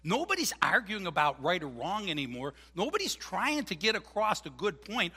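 A man preaching a sermon as pastor, animated and joking, acting out voices. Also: sits high, moderate pace, few pauses, husky, in a large hall. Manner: animated, jokey, acts out voices. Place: church.

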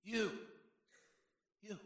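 A male pastor preaching a sermon in a conversational, animated way, full of asides and questions to the congregation, recorded in a church. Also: extremely slow, reverberant. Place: church sanctuary.

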